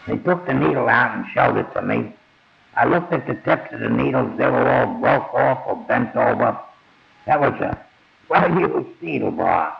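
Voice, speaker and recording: A man's voice: mid-range voice, animated, moderate pace. An older man telling his own life story in a plain-spoken, blunt way, swearing casually. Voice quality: gravelly. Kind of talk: first-person memoir storytelling. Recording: dull lo-fi audio.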